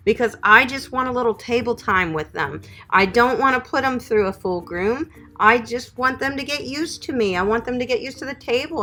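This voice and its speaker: A woman's voice: fairly high pitch, bright, forceful tone. A middle-aged woman, a pet groomer hosting a live stream, answering viewer questions in a chatty, affectionate way and calling them honey and sweetheart. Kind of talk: live Q&A chat reading viewer comments.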